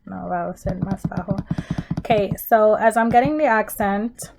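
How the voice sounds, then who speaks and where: A woman's voice: mid-range voice, moderate pace, gravelly, background noise. A woman teaching a Spanish grammar lesson in a recorded tutorial, explaining step by step and checking in with "okay?" as she goes.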